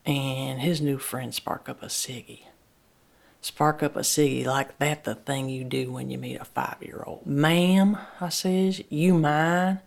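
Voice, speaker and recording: A woman telling a first-person story in dialect, plain-spoken and halting, with many restarts. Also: extremely low pitch, steady tone, creaky.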